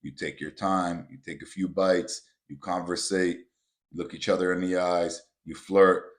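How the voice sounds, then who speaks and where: Blunt, profane deep-voiced man. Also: little pitch movement, a little slow. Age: adult with children. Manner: blunt, profane, builds to loud emphatic rants. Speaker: podcast host. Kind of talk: motivational podcast monologue.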